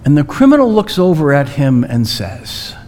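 A man preaching a sermon, telling a story slowly and dramatically with long pauses. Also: on the high side, huge pitch swings, a little mellow, slight background noise.

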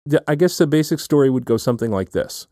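A man's voice: mid-range voice, animated, fast talker, mellow, no echo. Man, host, thoughtful long questions, dry close sound. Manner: thoughtful, builds long questions, checks in with "right?". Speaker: podcast host. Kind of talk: academic conversation.

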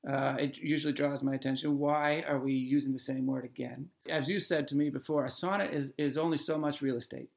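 A man explaining a poem in a playful, animated way in conversation, then reading verse slowly. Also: medium pitch, gravelly. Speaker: literature scholar. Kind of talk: conversational discussion and poetry reading.

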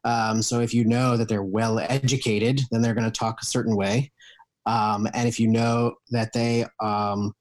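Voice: medium pitch, level tone, moderate pace. A podcast guest in casual chat, explaining things at length with many fillers. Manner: explanatory, full of ums, laughs easily.

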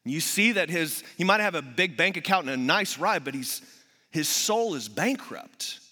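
A man's voice: on the high side, animated, moderate pace, sharp tone, long reverb tail. A male pastor preaching a sermon, telling personal stories with humor and acting out quotes energetically.

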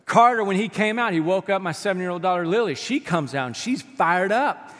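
High-voiced pastor preaching in a reverberant hall. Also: male voice, quick pace, hardly any pauses. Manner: humorous, animated storytelling. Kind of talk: sermon. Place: church sanctuary. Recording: long church-hall reverb.

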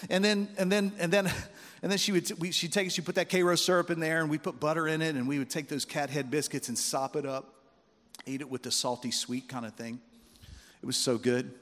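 A man's voice: a little high, fairly even intonation, a little fast, fairly bright tone. Folksy preaching man in a reverberant hall. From West Virginia roots, United States. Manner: folksy storytelling with call-outs to the congregation. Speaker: pastor. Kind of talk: sermon. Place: church hall. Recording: long reverb of a large hall.

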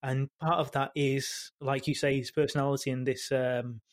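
A man, a football podcast panelist talking in a halting way full of restarts. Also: mid-range voice, level tone. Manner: halting, many restarts and fillers. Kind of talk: casual football chat.

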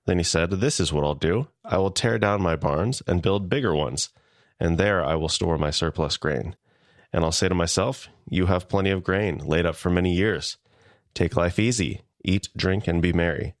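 A man co-hosting a podcast, reading a scripture passage aloud in a measured, steady way. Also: low voice, dry recording, studio quality. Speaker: podcast co-host.

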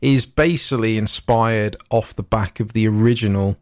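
A man's voice: lowish voice, normal speed. A man co-hosting a podcast, chatting casually about hobby news and rambling with frequent fillers and restarts. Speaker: podcast co-host. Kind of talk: casual chat about tabletop miniatures news.

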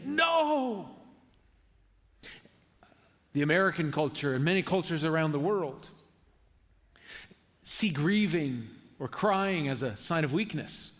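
A man preaching a conversational sermon as pastor, earnest and halting, often restarting his sentences. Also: mid-range voice. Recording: long hall reverb.

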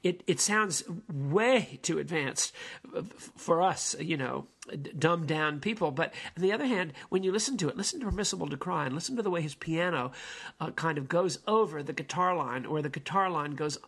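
A man giving rambling, halting spoken commentary on songs, with many restarts and fillers. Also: fairly high pitch, expressive, vocal fry, fairly bright tone, breathy edge.

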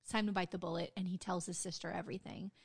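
A woman's voice: lowish voice, fast, vocal fry, breathy edge. A woman co-hosting a podcast who tells a true-crime story in casual chat, swearing often and acting out the quotes as she goes. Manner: profane, animated storytelling that acts out quotes. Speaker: podcast co-host.

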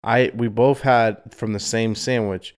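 A man in a casual podcast chat, chiming in quickly with his own story. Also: fairly low pitch, steady tone, clean tone.

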